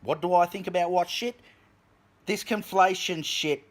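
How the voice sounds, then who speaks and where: A man's voice: sits high, unhurried. An Australian man delivering an angry, profane rant to his camera in a vlog. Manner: profane, heated, shouts at times. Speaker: vlogger. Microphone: camera mic.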